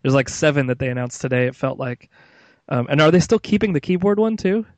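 A man's voice: fairly high pitch, lively intonation, fast talker, darkish tone, dry recording. A man hosting a casual tech podcast, rambling and opinionated, with plenty of fillers. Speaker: podcast host.

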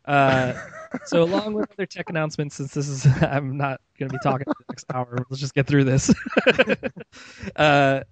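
A man's voice: medium pitch, lively intonation, moderate pace. Man rambling casually about tech news. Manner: rambling, filler-heavy, opinionated. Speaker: podcast host.

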